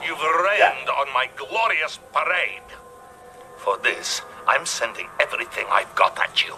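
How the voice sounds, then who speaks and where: An actor playing a theatrical villainous commander who gloats grandly, in a game clip played on a show. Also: male voice, mid-range voice, big pitch swings, measured pace, over loud music. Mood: gloating. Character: theatrical villainous male commander fleeing to space. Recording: game clip with loud score.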